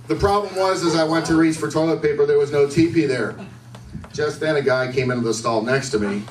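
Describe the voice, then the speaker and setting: A man's voice: on the high side, brisk. A man doing a stand-up set at a bar comedy night, with a loose, rambling delivery, often asking the crowd questions. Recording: echoey room, distant mic, faint noise.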